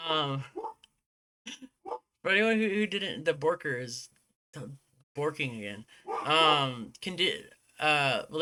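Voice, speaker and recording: Bright-voiced streamer, put-on American accent. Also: male voice, a little high, slight background noise. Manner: talks quietly, rambling and joking. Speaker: game streamer. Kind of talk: casual live-stream chat.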